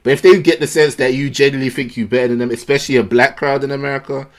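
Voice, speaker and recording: A young British man, a comedian, chatting casually with a friend, lively and quick to laugh. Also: medium pitch. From Britain. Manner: animated, laughing banter with impressions. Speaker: comedian podcast co-host. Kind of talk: casual chat.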